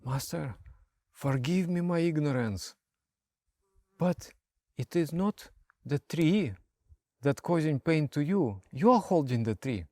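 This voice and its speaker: Man voicing a soft-spoken humble disciple. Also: on the high side, animated, slow pace, long pauses, no echo, voice pushed up. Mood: gentle. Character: humble young male disciple, gently correcting.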